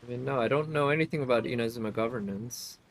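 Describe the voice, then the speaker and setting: A man's voice: medium pitch, fast talker, a crowd in the background. A man giving casual gameplay commentary as a streamer, chatty and thinking aloud, often laughing. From United States.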